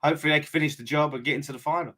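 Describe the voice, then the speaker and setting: A man's voice: on the high side, fairly even intonation, very fast, pushed and bright. A man hosting a live-streamed football fan chat, talking casually and swearing freely. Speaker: fan channel host.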